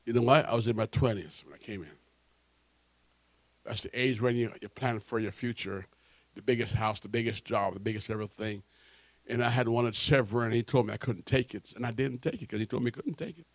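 A man preaching a sermon, telling his conversion story and building from quiet storytelling to shouted fervor. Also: medium pitch, brisk, no echo. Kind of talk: sermon testimony.

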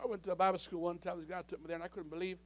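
A man preaching a fiery sermon, dropping to quiet asides and rising to shouts. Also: sits high, little pitch movement, racing.

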